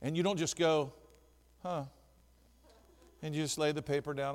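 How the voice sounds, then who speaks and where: A man preaching a sermon as pastor, swinging from hushed asides to shouted lines. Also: fairly high pitch, fairly even intonation, moderate pace. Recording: church hall with long reverb.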